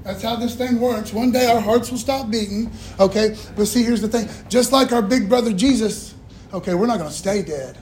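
In a church, a male pastor with a high-pitched, somewhat dark voice preaches a sermon at a moderate pace, using a folksy call-and-response style and tossing casual asides to the congregation. The room is echoey, with faint background noise.

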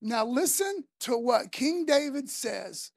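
A woman preacher giving a sermon in a chatty, animated way, acting out the voices she quotes. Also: high-pitched, slow pace, vocal fry, breathy edge, no room sound, clean studio sound.

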